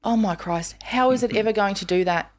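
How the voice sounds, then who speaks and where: Woman, podcast host, mid pitch, chatty and emphatic. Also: fairly quick. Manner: chatty, emphatic, drops to a hush when quoting. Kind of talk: casual chat.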